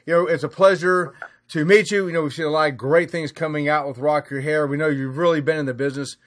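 Brief: Southern US male podcast host, friendly folksy delivery, slightly raised pitch. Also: steady tone, fast. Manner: folksy, laughs easily, stumbles on words. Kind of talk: podcast interview.

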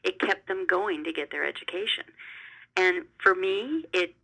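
Bright-voiced woman telling stories animatedly. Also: on the low side, normal speed, poor audio. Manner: animated, emphatic, repeats words when excited. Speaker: interview guest, television host. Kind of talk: conversational interview storytelling.

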